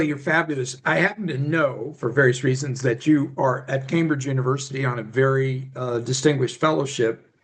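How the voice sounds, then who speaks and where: A man hosting a webinar on a video call, praising and drawing guests into the conversation. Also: mid-range voice. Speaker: webinar host.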